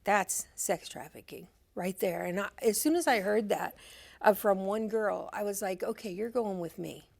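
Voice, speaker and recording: A woman's voice: mid-range voice, moderate pace, gravelly, darkish tone. A woman who leads a street and jail ministry, talking earnestly as a guest on a talk show, often restarting her sentences and laughing easily. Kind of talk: casual talk-show chat.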